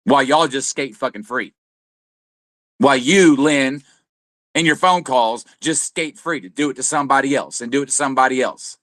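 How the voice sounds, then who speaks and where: A man's voice: mid-range voice, normal speed, fairly bright tone, dry recording, studio quality. Man in a heated, swearing tirade. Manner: profane, accusatory, heated. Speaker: livestream co-host. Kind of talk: angry livestream rant.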